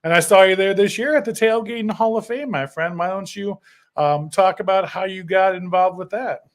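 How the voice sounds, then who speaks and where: A man's voice: high voice, normal speed. A man hosting a casual podcast chat, friendly, laughing often and tossing in short reactions. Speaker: podcast host.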